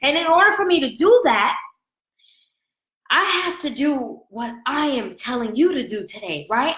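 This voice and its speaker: Woman coach, high bright voice, animated motivational talk, echoey room. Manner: animated, repeats "right?", laughs often. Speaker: life coach.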